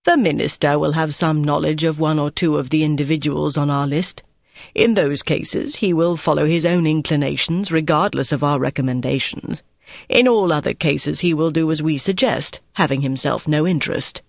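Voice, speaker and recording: An audiobook narrator voicing an irritated, domineering male committee chairman with a dry, measured delivery in a dry, close recording. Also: mid-range voice, vocal fry, no room sound, close to an everyday voice. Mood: curt.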